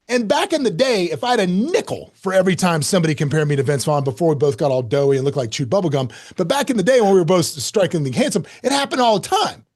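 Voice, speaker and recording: A middle-aged man telling a story as a podcast guest, lively and self-mocking, acting out quoted lines. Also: high voice, fast, few pauses. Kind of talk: animated storytelling in an interview.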